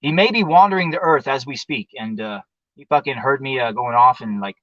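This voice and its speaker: A man's voice: medium pitch, brisk, fairly bright tone, no echo, muffled recording. A man hosting a livestream show, telling a rambling, profane story in a casual monologue. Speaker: show host. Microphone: livestream mic.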